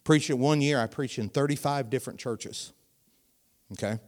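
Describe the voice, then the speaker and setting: A middle-aged man with a mid-range voice preaches a sermon, addressing the congregation like a friend and putting questions to them. His delivery is animated, with his volume climbing for emphasis and dramatic pauses as he slows on the key lines.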